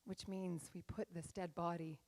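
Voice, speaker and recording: A woman's voice: lowish voice, little pitch movement, normal speed, a little mellow. A middle-aged woman, a life coach, giving a candid and dramatic personal storytelling talk on stage.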